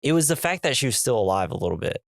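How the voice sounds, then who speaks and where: A man's voice: medium pitch, big pitch swings, racing, gravelly, dry recording, clean studio sound. Casual man recapping a movie scene. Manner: retells scenes acting out characters' lines, laughing. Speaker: podcast co-host.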